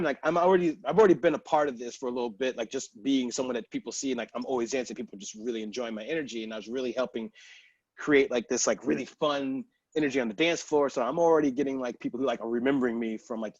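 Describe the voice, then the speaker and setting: A man's voice: medium pitch, fast talker, a little mellow, no room sound, lo-fi sound. Chatty Texas-born man telling a story. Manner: chatty, filler-heavy with "like" and "you know". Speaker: podcast guest. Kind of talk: casual storytelling in an interview.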